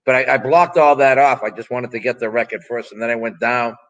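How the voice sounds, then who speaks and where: A man in his sixties with an everyday, mid-pitched voice, swapping stories in an interview. He talks bluntly and rambles from one anecdote to the next, swearing freely as he goes. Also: steady tone, brisk, a bit bright, dull audio. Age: 60s. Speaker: interview guest, former strongman and pro wrestler. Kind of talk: casual storytelling interview.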